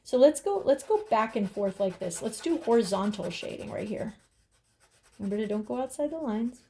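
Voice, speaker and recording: A woman's voice: fairly high pitch, lively intonation, normal speed, darkish tone. A woman teaching a drawing lesson, upbeat and encouraging, talking as she draws. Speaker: art teacher.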